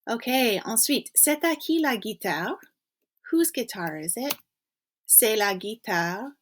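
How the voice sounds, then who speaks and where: A woman's voice: fairly high pitch, expressive, slow pace, a little hiss or hum. A woman teaching a recorded French lesson in English, patiently prompting students to think and checking in with frequent okays.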